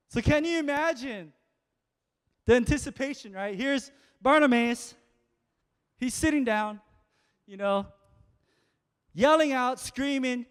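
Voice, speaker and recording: High-voiced preacher with a slow delivery. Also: male voice, clean tone, long reverb tail. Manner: calls to the congregation, loud rising exhortation. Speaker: pastor. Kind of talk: sermon.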